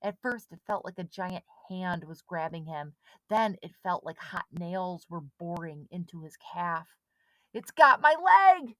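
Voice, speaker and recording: A woman reads a storybook aloud with steady, dramatic pacing. Her voice sits low for a woman, and the recording is dry and close. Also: unhurried, no room sound. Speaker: audiobook reader. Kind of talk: storybook narration.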